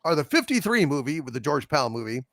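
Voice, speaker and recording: A man's voice: fairly high pitch, sing-song, fast talker, vocal fry, fairly bright tone, dry recording, studio quality. A man hosting a casual livestream, reading out viewer super chats and reacting in a blunt, profane, joking way. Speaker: host.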